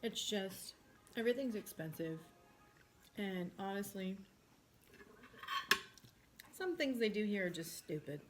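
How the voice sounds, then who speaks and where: A woman's voice: medium pitch, lively intonation, a little slow, pauses often, music in the background. Teasing woman with a New York accent. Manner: teasing, laughs often, blunt. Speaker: co-host. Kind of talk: casual chat while eating.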